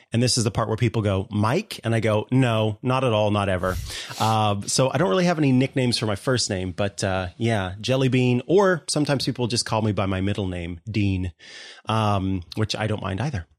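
A male podcast host in relaxed panel chat who moves smoothly into reading the outro. His voice is close and dry, with a middling pitch. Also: no room sound. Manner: friendly, hosts the segments and reads the outro. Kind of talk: casual panel chat and show wrap-up.

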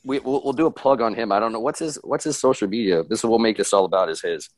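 A man's voice: lowish voice, quick pace, no echo. A man talking as a podcast guest in a laid-back, casual way, swearing easily and joking at his own expense. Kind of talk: casual chat.

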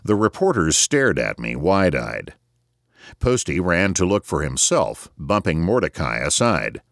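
A man narrating an audiobook in an expressive, measured storytelling manner, recorded on a close studio mic. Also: deep voice, gravelly, no room sound.

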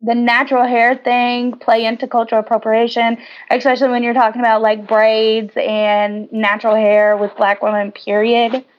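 A young woman co-hosting a podcast in casual chat, with quick, chatty asides. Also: fairly high pitch, little pitch movement. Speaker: podcast co-host. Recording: slightly dull lo-fi sound.

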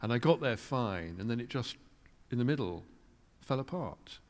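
Speaking at a medium pitch and moderate pace, a man with a somewhat dark tone sounds animated as he reflects on his past in an interview. He's a visiting musician whose storytelling is wry, articulate and self-mocking. A large hall's long reverberation surrounds his voice.

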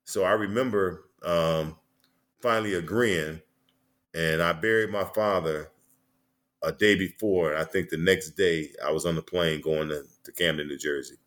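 A man in his sixties with a low, deep voice tells stories in a relaxed interview. He rambles from one memory to the next and leans on "you know" and quick restarts. His delivery is easygoing and conversational. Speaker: former basketball player and coach, guest. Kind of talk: casual storytelling interview.

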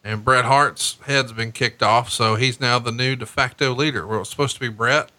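A man's voice: steady tone, normal speed, pushed and bright. A man hosting a podcast, teasing his co-host crudely and recapping old matches. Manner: teasing, crude, jumps in pitch when joking. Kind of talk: casual podcast banter and recap.

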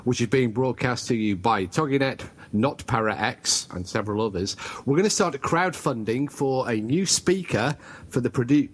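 A man co-hosting a radio show, joking and teasing his co-host with quick asides. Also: mid-range voice, breathy edge. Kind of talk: casual radio banter.

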